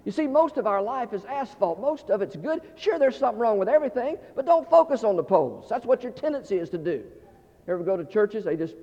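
A middle-aged man preaching a humorous storytelling sermon, animated, with stammering restarts and phrases repeated for effect. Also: high-pitched, quick pace. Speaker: pastor. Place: large church sanctuary. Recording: dull, reverberant church hall recording.

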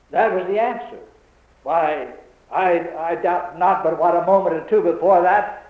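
High-voiced preacher on a tinny echoey recording. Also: male voice, takes it slowly. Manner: old-time preaching cadence, rising to fervent emphasis. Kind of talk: sermon. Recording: tinny phone-like, echoey room.

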